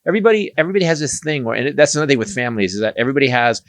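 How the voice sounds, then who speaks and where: A man's voice: mid-range voice, sing-song, racing, fairly bright tone, no echo, studio quality. A middle-aged man co-hosting a comedy podcast, joking, laughing often and asking questions. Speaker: podcast co-host. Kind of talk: casual podcast chat.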